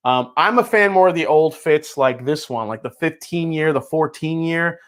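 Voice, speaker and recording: A man hosting a casual livestream in a relaxed, chatty way, answering viewers' comments with plenty of fillers and easy laughs. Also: a little high, normal speed. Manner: many fillers, laughs easily. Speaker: livestream host.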